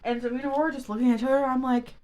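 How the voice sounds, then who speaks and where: A woman co-hosting a casual podcast. She tells stories in an animated, profane way, leaning on "like" between phrases. Her delivery stays loose and conversational. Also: sits high, rapid-fire. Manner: animated, profane storytelling with lots of "like". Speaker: podcast co-host. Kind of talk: casual chat.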